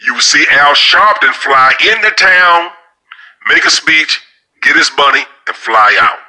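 A man with a very sharp, tense voice tells a story in a loose, casual monologue. He rambles and stumbles over repeated words, speaking bluntly and with strong profanity. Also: fairly high pitch, expressive, a little slow, low-quality recording. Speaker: storyteller sharing opinions.

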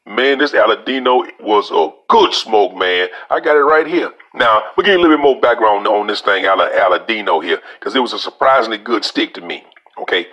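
A man's voice: on the low side, expressive, a little fast, a bit bright, muffled recording. A man with a Louisiana accent giving a casual cigar review, talking folksy and straight to his viewers as y'all.

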